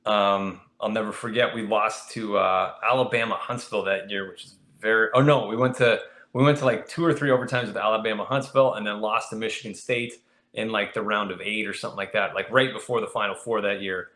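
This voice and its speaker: Animated male podcast guest, echoey room. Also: brisk. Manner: animated, swings to high pitch when acting out friends. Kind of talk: casual storytelling.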